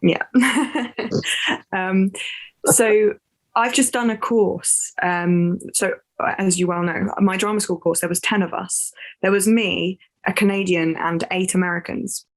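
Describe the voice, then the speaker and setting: A woman's voice: mid-range voice, fairly even intonation, measured pace. A young woman hosting a podcast, chatting casually with frequent laughs and hesitant fillers. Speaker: podcast host. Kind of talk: casual chat.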